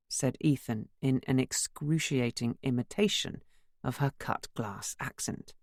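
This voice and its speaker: Low-voiced woman narrating an audiobook. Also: measured pace, no room sound, studio quality. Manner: expressive first-person storytelling. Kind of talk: scripted narration.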